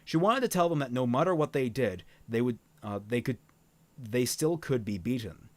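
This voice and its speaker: A man reads a story aloud on his stream, his mid-range voice rising and falling with lively energy. He stumbles and restarts often, filling gaps with "uh". Now and then he breaks off to comment. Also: medium pitch, normal speed, dry recording. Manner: animated reading, frequent fillers and restarts. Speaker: reader and streamer. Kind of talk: reading a fan novel aloud with commentary.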